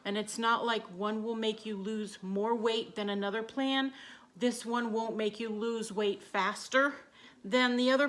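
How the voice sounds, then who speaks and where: A woman's voice: a little high, fairly bright tone. A woman chatting casually to her camera in a rambling, friendly way, with many fillers. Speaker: vlogger.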